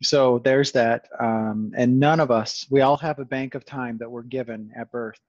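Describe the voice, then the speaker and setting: A male podcast host with a middle-pitched voice who talks in looping, self-aware asides and slips into sarcasm. The sound is dry and close, with a slightly dull, muffled quality. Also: steady tone, moderate pace, darkish tone, no echo. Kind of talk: conversational interview.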